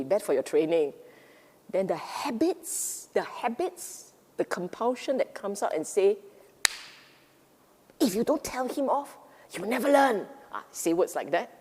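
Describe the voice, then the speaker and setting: A woman's voice: medium pitch, warm tone, big-room sound. A woman teaching Dharma in an emphatic way, often repeating and rephrasing herself and acting out the inner voices of the mind. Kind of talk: Buddhist Dharma talk.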